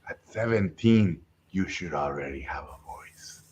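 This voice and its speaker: A man doing a stern, hushed old art professor. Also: low-pitched, huge pitch swings, voice pushed down, full character voice. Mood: harsh. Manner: Yoda-like inverted phrasing, slow, hushed. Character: stern older male art professor, blunt.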